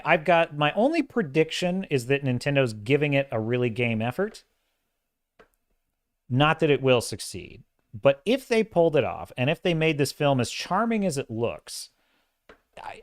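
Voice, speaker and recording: Animated man hosting a livestream. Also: medium pitch, dry recording, studio quality. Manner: animated, opinionated, acts out quoted dialogue. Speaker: livestream host. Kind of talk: casual commentary livestream.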